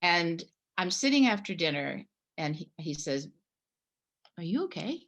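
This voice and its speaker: A middle-aged woman from Canada, a guest telling a personal story in a conversation, animated and acting out the dialogue. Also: lowish voice, unhurried, dull audio. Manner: animated storyteller, acts out her own past dialogue.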